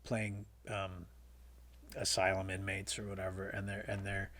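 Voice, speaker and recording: A man's voice: low voice, completely flat delivery, a little slow, a bit bright. A middle-aged filmmaker, a man, telling stories casually in an interview, with many fillers and quoted dialogue. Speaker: guest filmmaker.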